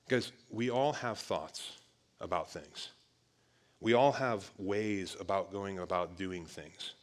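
A man's voice: low-pitched, takes it slowly. Casual man preaching a sermon. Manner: conversational, repeatedly addresses listeners as "guys" with frequent restarts.

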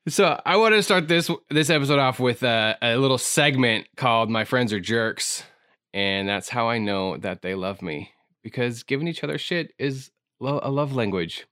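A man's voice: mid-range voice, moderate pace, fairly bright tone, clear, resonant tone, dry recording, clean studio sound. A man hosting an improv podcast in casual chat, talking in a chatty, reflective and self-teasing way.

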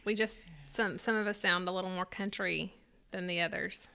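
Bright, gravelly Southern woman. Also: lowish voice, steady tone. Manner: quick-talking. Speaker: podcast co-host. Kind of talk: casual chat.

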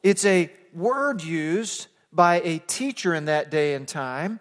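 Male pastor, conversational sermon with impassioned peaks, slightly high voice, reverberant church. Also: lively intonation, slow pace. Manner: conversational storytelling, rising to impassioned emphasis. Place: church sanctuary. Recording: long reverb of a church sanctuary.

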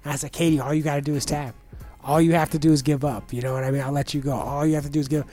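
A man's voice: a little high, level tone, racing, dark tone, faint music behind. A young man telling rambling, profane stories in casual chat, full of restarts and fillers. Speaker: podcast guest telling stories.

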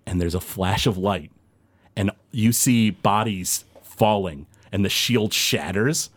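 A man narrating a tabletop game as game master and show host, dramatic and hushed for suspense. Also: on the low side, slow pace, dry recording.

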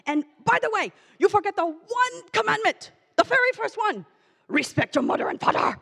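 A woman doing her furious dad yelling in broken grammar, high and loud, lots of hall echo. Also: sing-song, moderate pace, creaky, heavily acted. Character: furious older father scolding his daughter.

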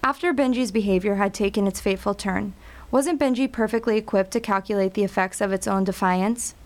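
Woman narrating a story, measured and wry. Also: medium pitch, darkish tone.

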